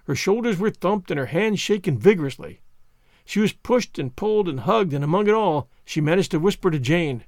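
A man narrating a classic novel aloud in an expressive storybook reading. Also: fairly high pitch, fairly quick, no room sound, clean studio sound. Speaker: audiobook narrator.

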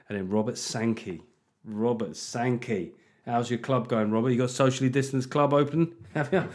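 A man's voice: fairly low pitch, darkish tone. A man hosting a podcast, delivering a casual comic monologue that rambles and is full of swearing. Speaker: podcast host.

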